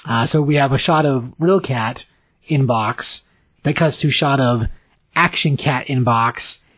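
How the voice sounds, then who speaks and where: Husky-voiced man recapping a comic. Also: mid-range voice, no room sound. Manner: animated, acts out comic dialogue in quick voices. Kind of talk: casual chat recapping a comic.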